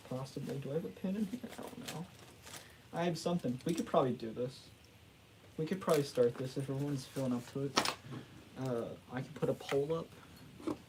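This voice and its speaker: A man's voice: mid-range voice, background noise. A man hosting a casual livestream, rambling and joking at his own expense, laughing and restarting often. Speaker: livestream host.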